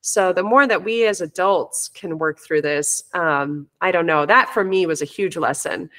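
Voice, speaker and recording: This woman, who teaches and coaches parents, shares stories openly and thoughtfully in casual talk, restarting sentences as she goes. Her lowish, slightly bright voice moves at a moderate pace with hardly any pauses.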